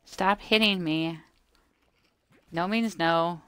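A woman's voice: fairly low pitch, slow, a bit bright, smooth, no echo. A woman giving casual gameplay commentary, chatting to the game's creatures and scolding them playfully. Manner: chatty, talks to the game creatures, mock-scolding, drops to murmurs. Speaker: gameplay video maker.

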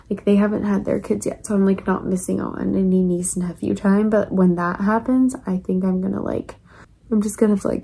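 A young woman shares her feelings in a quiet resort room, close to tears. Her voice is mellow and husky with a steady gravelly fry, and she rambles softly between fillers. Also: mid-range voice. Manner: soft, wistful, rambling with many "like" fillers. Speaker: vlogger. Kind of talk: casual confessional vlog.

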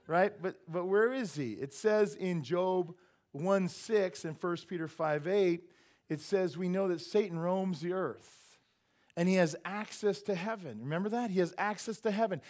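Guy preaching a sermon in church, kinda high voice, loud then hushed, acts out voices and cracks jokes. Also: normal speed. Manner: animated, swings from loud exclamations to hushed asides. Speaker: pastor. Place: church sanctuary.

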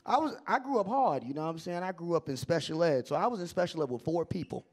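A young man doing a stand-up comedy set on a club stage, animated and shouting out his punchlines. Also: a little high, fast. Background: audience laughter.

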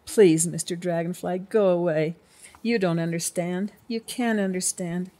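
Grandma putting on a sad little boy cricket, whiny and pleading, higher voice, storybook. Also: fairly even intonation, a little slow, mellow. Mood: despairing. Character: small, sad, envious young male cricket.

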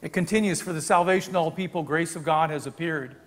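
An older man preaching a sermon in a church sanctuary, his slightly high voice carrying a long reverb tail. He explains the text in a conversational, teaching way and stops to correct his own wording. The hall rings behind every phrase. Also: quick pace. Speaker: guest preacher.

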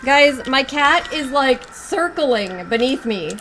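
A woman streaming a fighting game, exclaiming and chatting warmly with her viewers and her cat. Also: sits high, lively intonation, takes it slowly, soft background music. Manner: squealing and exclaiming while playing, chatting to viewers. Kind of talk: excited live-stream commentary.

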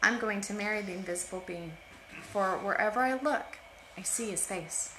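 A woman reading a storybook aloud, voicing a gentle, humble young girl who asks softly and politely. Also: mid-range voice, normal speed, slight background noise, natural voice. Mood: hopeful. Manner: soft and polite. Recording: roomy echo.

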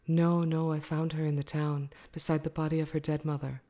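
Brief: woman reading as a scared young peasant girl, whispered role-play, low and warm, shaky. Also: flat delivery, fairly quick, close to an everyday voice. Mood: earnest. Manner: soft-spoken, trembling. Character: frightened sixteen-year-old peasant girl.

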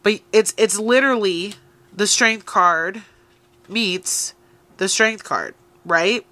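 A woman's voice: mid-range voice, slow pace, pushed and bright. A woman giving an encouraging tarot reading, speaking straight to her listeners. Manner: encouraging, addresses listeners directly. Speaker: tarot reader. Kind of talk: tarot reading addressed to viewers.

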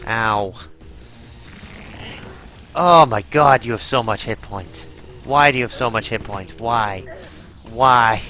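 A man's voice: fairly low pitch, a little slow, bright, forceful tone, soft background music, low-quality recording. A man giving live gameplay commentary, exclaiming, groaning and swearing as he fights a boss. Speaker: gaming channel host.

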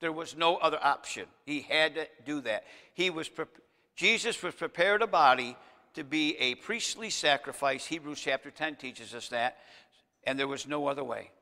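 Male pastor, sermon delivery, bright forceful tone, slightly higher pitch, long church reverb. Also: normal speed. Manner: preaching with rising emphasis, addressing the congregation directly. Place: church sanctuary.

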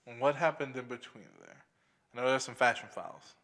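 A man co-hosting a podcast in relaxed, loose chat, cursing freely and laughing often. His voice sits at a middling pitch. It carries a long reverb, as if from a hard, open room. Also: brisk. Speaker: podcast co-host. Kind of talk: casual chat.

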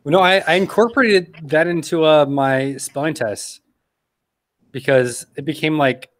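Earnest, slightly high-voiced teacher. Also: male voice, measured pace, dry recording. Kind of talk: casual chat.

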